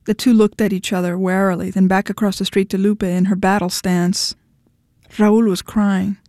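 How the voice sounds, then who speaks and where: Woman reading a story out loud, even pace, dark mellow voice, dry room. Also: mid-range voice, moderate pace, no room sound. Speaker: narrator. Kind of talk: reading fiction aloud.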